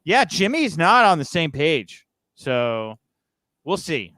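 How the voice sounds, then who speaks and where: A man's voice: on the high side, sing-song, slow, sharp tone, no room sound. A man hosting a live podcast, chatting casually and joking as he reads viewer comments. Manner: loose and joking, with frequent fillers. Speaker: podcast host.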